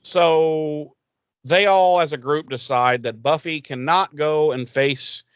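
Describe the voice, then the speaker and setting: A man's voice: on the high side, slow pace, a bit bright, smooth, dry recording, lo-fi sound. A man co-hosting a podcast, recapping an episode in a rambling, profane way and acting out characters' lines in silly voices. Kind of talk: casual crude recap chat.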